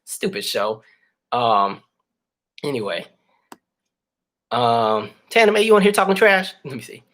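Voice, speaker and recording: A man in his thirties chatting with viewers on a livestream and telling stories in an animated, casual way. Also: high voice, measured pace, vocal fry. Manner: animated storytelling, many fillers. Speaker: livestream host.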